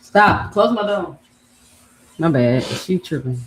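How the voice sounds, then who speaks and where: Wanita blak-blakan, nada naik-turun. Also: female voice, low-pitched, animated, slow pace, slight background noise. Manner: blunt, reads chat aloud. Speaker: boxing podcast co-host. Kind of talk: casual live-stream chat.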